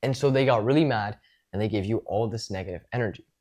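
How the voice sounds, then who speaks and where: A man's voice: lowish voice, quick pace, darkish tone. A man teaching social skills in a casual spoken lecture, talking things through and demonstrating tones of voice.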